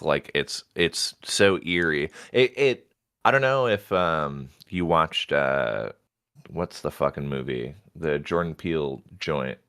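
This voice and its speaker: A man co-hosting a livestream book discussion, chatting in a relaxed way and swearing now and then. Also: extremely low pitch, clear, resonant tone. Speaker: podcast co-host.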